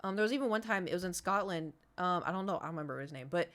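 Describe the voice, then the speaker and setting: A woman's voice: on the low side, lively intonation, very fast, a bit bright. A woman streamer telling a story in casual, rambling chat, full of fillers and restarts. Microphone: streaming setup.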